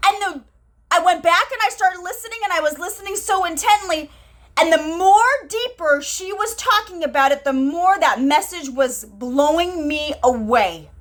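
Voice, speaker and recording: A very high-voiced woman speaks live to her online followers about faith and spiritual readings. She tells her story in an excited, tumbling way, repeating phrases and acting out the conversations she describes. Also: normal speed. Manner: excited, breathless, repeats herself, tells stories with quoted dialogue. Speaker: spiritual channel host. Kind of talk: live spiritual talk to viewers.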